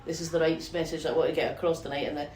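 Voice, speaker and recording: A woman's voice: sits low, steady tone, a little mellow. A woman in a casual group reflection, emphatic, restarting her sentences. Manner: quick, emphatic, frequent restarts. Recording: echoey room with noise.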